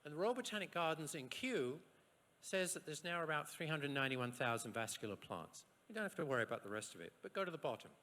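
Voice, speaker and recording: Male scientist lecturing, rhetorical questions, animated delivery, bright voice, roomy hall echo. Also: on the high side, fast. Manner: lively and rhetorical, with asides and short jokes. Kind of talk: university lecture.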